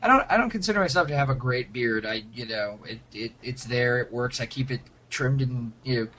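Bright, animated man chatting. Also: medium pitch, brisk. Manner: animated, jokey, lots of fillers. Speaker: podcast co-host. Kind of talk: casual chat.

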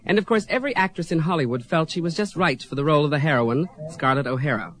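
Campy high-voiced male comedian. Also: animated, fairly bright tone. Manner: campy, theatrical, quick asides. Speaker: drag comedian. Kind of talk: stage comedy patter.

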